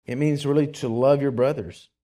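A man's voice: mid-range voice, fairly even intonation, moderate pace, mellow. A man who is a pastor, preaching a conversational sermon in a church, with rising bursts of energy.

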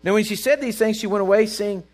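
Preaching at a quick pace in a high-pitched voice, this man keeps his sermon conversational and checks in with the congregation. He voices Bible characters as he quotes them.

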